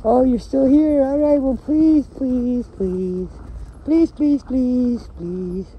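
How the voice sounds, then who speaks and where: A man's voice: takes it slowly, lo-fi sound, heavily acted. A man voicing a polite, meek dog who begs another dog to leave its food alone. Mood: pleading. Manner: high, pleading, whiny.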